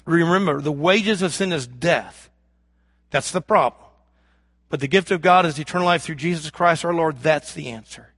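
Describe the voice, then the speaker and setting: High bright-voiced preacher guy, fervent, dry close sound, gets loud then goes real quiet. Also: normal speed, dry recording. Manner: fervent preaching, swinging from loud emphasis to hushed lows; acts out imagined prayers and voices of the congregation. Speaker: pastor. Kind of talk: sermon.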